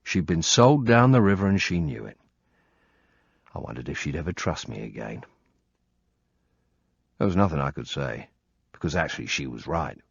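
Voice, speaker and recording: A man's voice: low-pitched, creaky, no echo. A man narrating a first-person audiobook in a plain, blunt, conversational way. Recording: dull lo-fi dry recording.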